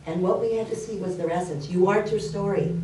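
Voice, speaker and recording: A woman's voice: mid-range voice, fast, warm tone, a little hiss or hum. A woman giving a spiritual talk, telling stories earnestly and repeating key phrases. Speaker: spiritual speaker. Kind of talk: sermon. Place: church hall. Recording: roomy hall, mic at a distance.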